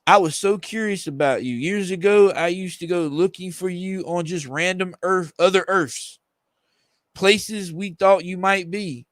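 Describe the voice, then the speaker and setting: A menacing male villain taunts a young heroine, as a man reads his lines aloud. The voice sits a bit high for a man. The sound is dry, with no room around it. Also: measured pace, fairly bright tone, no echo. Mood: taunting. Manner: reading aloud from a comic page.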